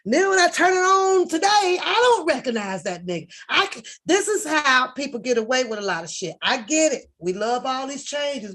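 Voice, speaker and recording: A woman giving casual reaction commentary, talking bluntly with plenty of profanity, rambling, and throwing in sarcastic asides. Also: high voice. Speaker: reaction video host.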